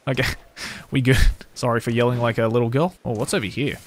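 A man streaming a video game live, commenting excitedly with lots of slang and swearing. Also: mid-range voice, fairly quick, long pauses, background noise.

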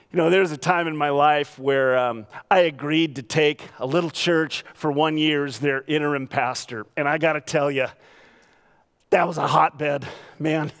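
A male pastor delivering a sermon, telling stories with animated laughs. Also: a little high, a little slow. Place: church sanctuary.

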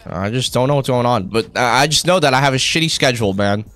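A man's voice: mid-range voice, animated, fast, a bit bright. A young man, a college student, ranting in a profane, slangy way while playing a shooter game, often stumbling and restarting his sentences. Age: young adult. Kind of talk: ranting commentary over gameplay.

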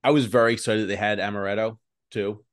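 A man co-hosting a podcast in casual chat, animated, acting out the people in his stories. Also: lowish voice, fast talker. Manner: animated storyteller, acts out quoted people. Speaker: podcast co-host.

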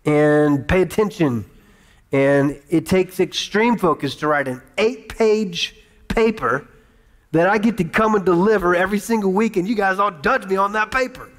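A man in his thirties preaches from a church stage, his voice sitting high for a man. He leads his listeners in call-and-response and repeats key phrases for emphasis. The sound rings with a long hall reverb. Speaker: pastor. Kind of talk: sermon. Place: church auditorium.

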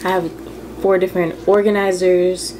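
A young woman talks to her camera at home in an easy, chatty way, her voice sitting a little low. She speaks straight to her viewers as friends. The audio comes from the camera, with household noise clearly audible behind her. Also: little pitch movement, moderate pace. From Southern California. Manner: chatty, laid-back, addresses viewers as girl and y'all. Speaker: vlogger. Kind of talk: casual chat to camera. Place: at home indoors. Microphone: camera on a stand.

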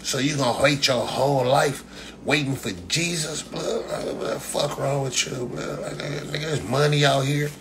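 A livestream host with a slightly high, steady voice rants bluntly while answering chat, speaking at normal speed against a noisy background. He lectures with rhetorical questions and keeps repeating the same slang address.

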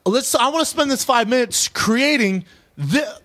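A man in casual comedic chat, telling animated stories and acting out the people in them. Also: very high-pitched, unhurried. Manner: animated storytelling, acts out quoted people. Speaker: podcast co-host.

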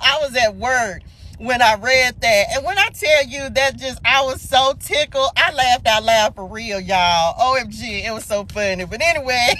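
A woman's voice: high voice, bright, forceful tone. A woman hosting a casual live spiritual morning message from her car on a phone stream. She is exuberant, laughs often and greets viewers by name. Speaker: spiritual livestream host. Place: sitting in a car.

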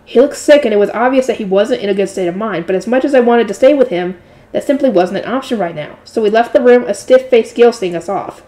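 A woman's voice: fairly high pitch, fast. Woman reading a light novel aloud. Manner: plain steady reading with asides. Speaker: audiobook reader.

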